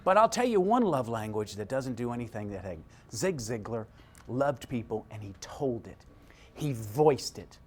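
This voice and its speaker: A middle-aged man giving a motivational talk, telling stories with big swings in pitch and loudness. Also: very animated, normal speed, breathy edge. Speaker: speaker. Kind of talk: motivational speech.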